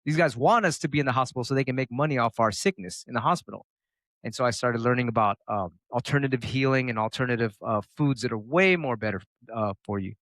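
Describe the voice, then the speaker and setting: Profane, animated man in interview. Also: medium pitch, quick pace, dry recording. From United States. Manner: profane, animated, acts out quotes. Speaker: turntablist guest. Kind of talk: casual interview talk.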